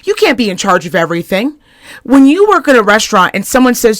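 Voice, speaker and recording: Young woman on a podcast cussing up a storm, highish voice, super dry close mic. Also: big pitch swings, fast, no echo. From Reno, Nevada area. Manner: profane, heated, acts out quoted people. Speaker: podcast co-host. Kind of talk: casual podcast rant.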